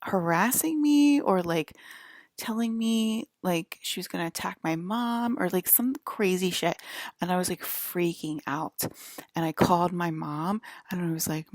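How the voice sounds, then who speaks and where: Low-voiced young woman telling a story. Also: normal speed, darkish tone, no room sound, clean studio sound. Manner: rambling, full of fillers and swearing, laughing often. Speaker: vlogger. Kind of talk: casual storytelling.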